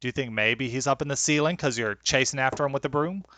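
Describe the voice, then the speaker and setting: A man's voice: medium pitch, quick pace, bright, forceful tone, a little hiss or hum, voice pushed up, lightly acted. A man voicing a motherly Southern American woman on the phone, doting and scolding.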